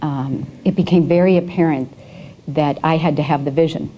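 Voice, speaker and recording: Low, mellow-voiced woman telling stories. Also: steady tone, moderate pace, slight background noise, poor audio. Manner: storytelling with frequent fillers and restarts; laughs at her own anecdotes. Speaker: guest speaker. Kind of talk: leadership talk at a breakfast event. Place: event room.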